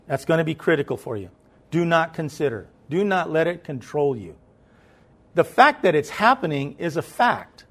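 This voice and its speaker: Here a man preaches in a chatty manner, often making sure the congregation is with him before his voice climbs into loud emphasis. He pitches on the high side, sounds very animated, and keeps a normal speed.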